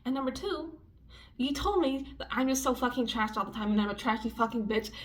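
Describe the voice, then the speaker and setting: A young woman telling a story in a casual vlog, talking fast and loose with lots of swearing and filler words. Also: on the high side, animated. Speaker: vlogger. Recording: dull lo-fi audio with faint music.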